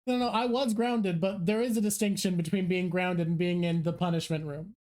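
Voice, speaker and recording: Relaxed woman hosting a live stream. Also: on the low side, fairly quick. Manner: relaxed, laughs along, reads chat. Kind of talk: casual chat.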